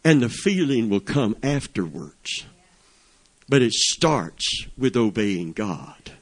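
An older man delivers a sermon with fervent, folksy energy, mixing plain talk with shouted praise. His voice sits in an ordinary middle register for a man. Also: mid-range voice, sing-song, slow pace, slightly rough. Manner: fervent, folksy preaching with exclamations. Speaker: preacher.

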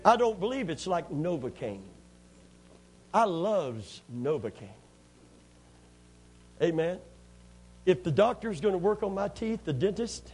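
A man's voice: high voice, slightly rough. A man preaching a sermon, telling stories in a folksy, humorous way and prompting the congregation to answer back. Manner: lively storytelling, asks the congregation to answer. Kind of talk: sermon with call and response.

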